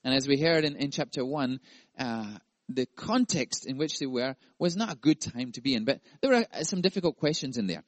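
A man's voice: medium pitch, expressive, a little fast, no echo. A male pastor preaching a sermon, playful and jokey, acting out voices.

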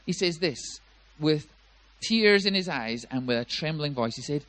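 A male pastor preaching a sermon with emphatic swings in loudness and pace, often repeating words. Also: on the high side, expressive, a little slow, dry recording, low-quality recording.

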